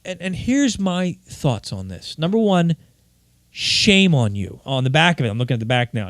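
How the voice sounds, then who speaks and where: A man's voice: a little high, sing-song, moderate pace, a bit bright, no echo, clean studio sound. A man hosting his own podcast, talking alone in a rambling, worked-up way with many restarts. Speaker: podcast host. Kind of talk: solo podcast monologue.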